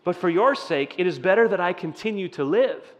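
A pastor whose high voice is animated and brisk leads a conversational sermon, drawing the audience in with questions. A long reverb tail trails behind his words.

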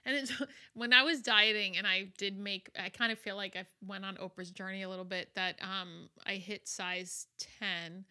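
A woman's voice: medium pitch, steady tone, normal speed, bright, forceful tone. A woman from Egypt in casual chat, telling a candid, profanity-laced story with laughter.

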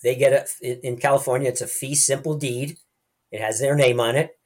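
A man in his sixties, a land banking consultant, explaining in a lively conversational way and acting out quotes. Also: medium pitch, brisk. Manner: lively storyteller who acts out quoted voices.

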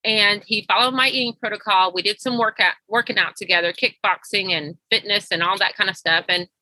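A woman's voice: mid-range voice, fairly even intonation, a little fast, bright, forceful tone, no room sound, low-quality recording. A middle-aged woman health coach telling client stories in an interview, acting out both sides of the conversations. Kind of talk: storytelling interview guest.

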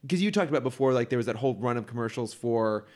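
Male co-host, casual chat, rambling, medium pitch. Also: expressive, fast talker. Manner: rambling, heavy on fillers and restarts. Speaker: podcast co-host.

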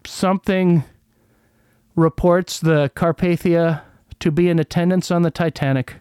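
A man's voice: fairly high pitch, fairly even intonation, unhurried, a little mellow, smooth, no room sound, studio quality. A man hosting a casual solo podcast, rambling and sarcastic, who stumbles over words as he reads out an old news article. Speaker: podcast host.

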